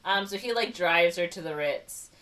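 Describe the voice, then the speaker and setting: Woman co-host, casual recap, lots of "like" and "um", lowish voice, distant mic. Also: a bit bright. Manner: rambling, filler-heavy storytelling with quick quoted voices. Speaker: podcast co-host.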